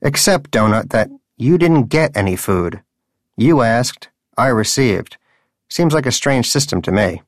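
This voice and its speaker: A man's voice: mid-range voice, lively intonation, a little slow, dry recording, clean studio sound. A man voicing a lazy, smug male pet rodent who talks in a glib, mock-refined, sarcastic way.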